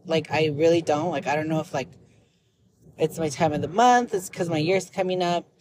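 A woman's voice: deep voice, moderate pace, noisy background. Rambling, blunt young woman vlogging. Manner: rambling and blunt, full of "like" fillers; emotional, confessional. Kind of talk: candid personal vlog.

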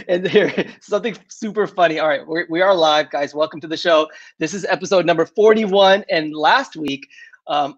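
A man's voice: a little high, normal speed, soft background music. A man hosting a live online show, chatting casually with lots of fillers, restarts and laughs. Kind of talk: casual live-stream talk. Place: southern United States. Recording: dull lo-fi sound.

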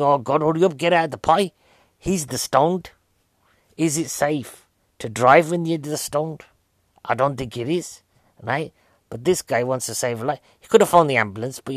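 A man's voice: mid-range voice, dry recording. A man giving a rambling, comic recap of a film, full of rhetorical questions. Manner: rambling, chatty, keeps asking "right?" and rhetorical questions. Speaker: film reviewer.

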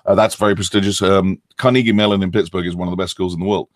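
A man's voice: low voice, steady tone, racing, dry recording, studio quality. A middle-aged British man, an actor and former acting coach, explaining at length in a chatty, self-deprecating way with many ums. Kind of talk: interview answers.

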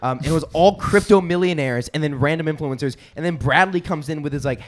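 A man's voice: on the high side, fast. Laid-back young man hosting a podcast. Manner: laid-back storyteller, steers the show. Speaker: podcast host. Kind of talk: casual podcast chat. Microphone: studio podcast mic.

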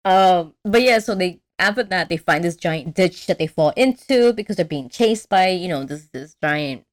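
A woman's voice: lowish voice, lively intonation, normal speed. A young woman podcast host casually recapping a cartoon film, telling it with animation, acting out quotes and swearing freely. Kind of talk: casual movie recap chat.

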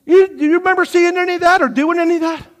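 Animated preacher in a reverberant hall. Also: male voice, extremely high pitch, racing. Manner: folksy, animated preaching with sudden swings from hushed to loud. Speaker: pastor. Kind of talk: sermon. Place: church sanctuary.

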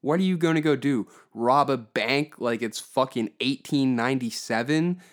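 A man's voice: medium pitch, normal speed. Profane, ranting man hosting a podcast. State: hungover. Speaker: podcast host. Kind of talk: solo podcast rant.

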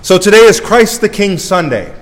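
A man's voice: high-pitched, expressive, normal speed, big-room sound. A male priest preaching a sermon in a conversational, self-deprecating way, recorded in a church.

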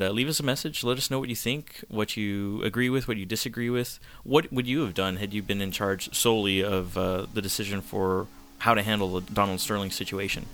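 A man from San Antonio, Texas, co-hosting a podcast in casual chat, easygoing and quick to laugh. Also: lowish voice, fairly bright tone, clear, resonant tone, no echo. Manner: easygoing, laughs often, wraps up the show. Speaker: podcast co-host.

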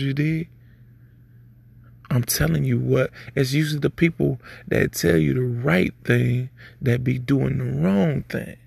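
Male podcast host, gravelly and husky, easygoing preachy delivery. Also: medium pitch, dry recording. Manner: laid-back, preachy, street slang. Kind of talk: casual advice monologue.

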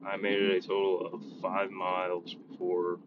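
Deep-voiced blunt man talking in a car. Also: completely flat delivery, normal speed. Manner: blunt, swears freely. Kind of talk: casual rambling vlog. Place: inside a moving vehicle. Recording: dull lo-fi sound with road noise.

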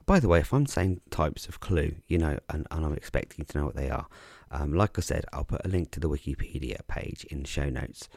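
Very deep gravelly man, casual. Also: fairly quick, few pauses, no room sound, studio quality. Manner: relaxed, chatty, frequent ums and self-corrections. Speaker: podcast host explaining crossword clues. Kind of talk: casual explanatory talk.

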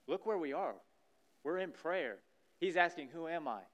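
A man preaching a sermon in a church, acting out scripture scenes with lively energy. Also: a little high, brisk. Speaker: pastor. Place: church sanctuary stage.

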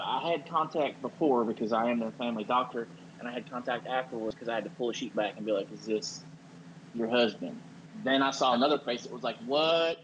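A man playing a self-important small-town doctor who talks in a deadpan, halting way and blurts out acted-out quotes. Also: medium pitch, muffled recording, a little hiss or hum, lightly acted. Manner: deadpan, halting, acts out quotes with sudden loud "What?". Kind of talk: improvised comedy character.

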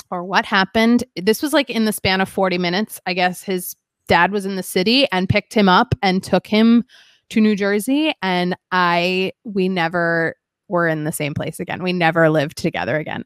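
Appearing as a guest, a young woman candidly tells a painful personal story, rambling, saying "like" a lot, and shifting emotionally. Her voice is on the low side and smooth, with no echo.

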